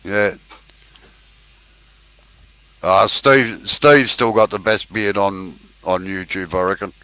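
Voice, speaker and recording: A man's voice: on the low side, steady tone, slow, pushed and bright, smooth, no echo, low-quality recording. An Australian man hosting a live woodworking chat, easygoing, laughing often and using local slang. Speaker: host of live woodworking stream. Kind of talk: casual chat.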